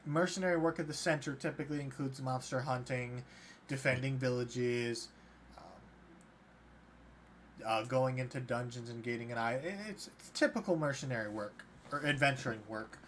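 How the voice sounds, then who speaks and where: A man's voice: medium pitch, normal speed, a bit bright, slight background noise, close to an everyday voice. A man voicing a weary, blunt male mercenary recruiter in a tabletop game, speaking matter-of-factly with a wry edge.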